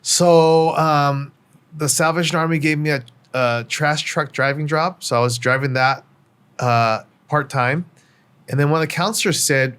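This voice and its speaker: A man's voice: medium pitch, normal speed, fairly bright tone. A middle-aged man speaking as a podcast guest, telling his life story in a candid, reflective way with many fillers. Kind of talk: personal story in casual interview.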